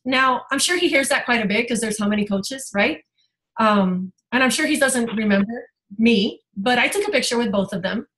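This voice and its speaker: A woman's voice: on the high side, moderate pace, a bit bright, low-quality recording. A woman health coach giving an emotional, rambling personal testimony on a team video call.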